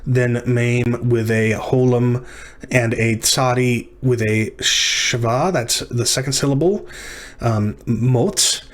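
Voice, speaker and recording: A man in a recorded lecture talks through practice exercises at an unhurried pace. He thinks aloud, stops to fix small mistakes, and carefully sounds out each word one syllable at a time. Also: medium pitch. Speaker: language instructor.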